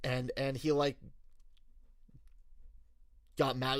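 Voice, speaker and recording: Smooth-voiced man telling a candid story. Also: mid-range voice, fairly bright tone, dry recording, studio quality. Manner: candid, halting, full of restarts. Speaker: streamer. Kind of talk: casual storytelling rant.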